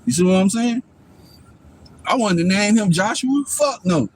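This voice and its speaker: A man with a notably high-pitched voice holds forth on a livestream in a loose, rambling monologue. He swears freely, preaches his points, and keeps checking that the listener is following along. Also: animated, measured pace, slight background noise. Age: adult father. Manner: profane, preachy, keeps asking "you know what I'm saying". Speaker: livestream host.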